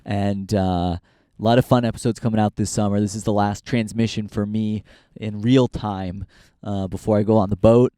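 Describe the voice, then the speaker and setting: On a hiking trail, a young podcast host from Northern California walks and films himself with a handheld camera, rambling, cursing, and running himself down in a casual vlog. The man's lowish voice is warm and smooth with a steady tone and normal speed. It's studio quality, with no echo.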